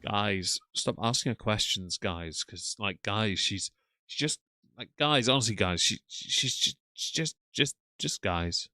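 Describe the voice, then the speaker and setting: A man's voice: lowish voice, unhurried, sharp tone, no echo, clean studio sound. A man chatting casually on a live stream, reacting to clips and reading out chat names with frequent ums.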